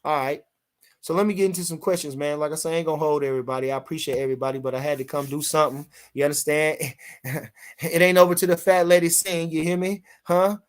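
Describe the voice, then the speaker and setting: A man's voice: a little high, fairly even intonation, fast. An older man, hosting a casual live boxing stream in a rambling way, full of fillers, reading out chat comments. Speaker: podcast host.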